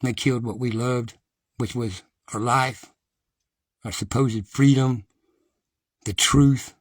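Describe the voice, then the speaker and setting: A man's voice: medium pitch, steady tone, slow, no room sound. Blunt, profane middle-aged man ranting. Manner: rises to agitated, loud ranting. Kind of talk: impassioned monologue to viewers.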